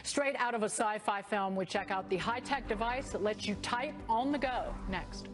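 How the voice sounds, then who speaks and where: A woman hosting a morning business news show, reading intros and questions in a brisk, upbeat way. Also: fairly high pitch, music in the background. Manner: brisk, upbeat anchor reads. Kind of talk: live TV news anchoring.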